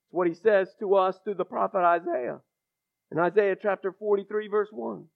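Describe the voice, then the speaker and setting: A man preaching a sermon with passion, sinking to a hush and then rising to loud, emphatic declarations. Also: sits high, steady tone, moderate pace, gravelly. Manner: impassioned, builds from hushed to loud. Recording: thin phone-like recording.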